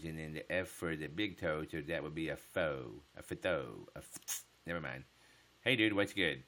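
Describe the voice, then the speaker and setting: A man hosting a casual late-night livestream, joking crudely with viewers and laughing often, sometimes dropping to a hush. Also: sits low. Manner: drops to a hush so as not to wake his household. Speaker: livestream host.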